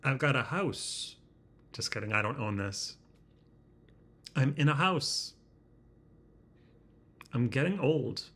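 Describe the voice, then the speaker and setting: A man talking to his laptop camera in a house, halting and self-deprecating, searching for his words, with a slightly constricted sound in his throat. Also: mid-range voice, lively intonation, fairly bright tone, slightly rough. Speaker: vlogger. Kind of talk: rambling self-conscious vlog. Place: indoors in a house. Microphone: laptop webcam.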